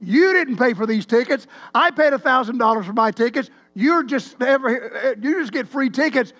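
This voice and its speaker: A man acting out an angry, drunk male sports fan who yells accusations. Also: extremely high pitch, lively intonation, moderate pace, pitched above the performer's own voice. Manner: shouting, accusing.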